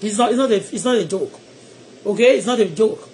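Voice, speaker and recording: A man with a Nigerian Yoruba accent leading a loud, repetitive prayer on a live stream, switching between English and Yoruba. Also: high voice, a little fast, a little hiss or hum.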